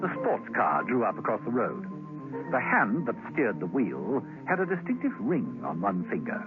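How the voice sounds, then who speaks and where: A man narrates a spy drama in a wry, measured manner. His pitch is very animated. The sound is thin and tinny like an old radio broadcast, with faint music under it.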